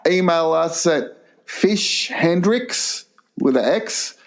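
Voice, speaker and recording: A man's voice: on the high side, expressive. A man co-hosting a crude comedy podcast, telling rambling stories and laughing at his own jokes. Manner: slow, rambling storytelling with laughs. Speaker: podcast co-host.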